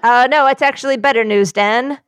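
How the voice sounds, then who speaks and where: A woman voicing a brisk 1940s newsreel reporter with a clipped, announcer-like delivery. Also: fairly high pitch, clean tone, dry recording, clean studio sound, natural voice. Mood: breezy.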